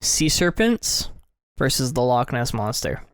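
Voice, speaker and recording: A man's voice: medium pitch, sing-song, a little slow, clear, resonant tone, no room sound, studio quality. A man hosting a podcast in casual chat, joking and swearing easily. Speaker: podcast host.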